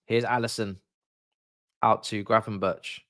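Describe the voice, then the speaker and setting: A man's voice: on the low side, flat delivery, unhurried, fairly bright tone, dry recording, studio quality. Slangy guy doing match commentary. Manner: chatty, slangy, groans and repeats "no" when annoyed. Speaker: watch-along streamer. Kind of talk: casual live match commentary.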